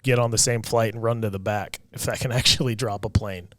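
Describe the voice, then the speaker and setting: A man co-hosting a casual comedy podcast, telling stories in a relaxed, low-key way. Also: brisk, no echo. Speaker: podcast co-host.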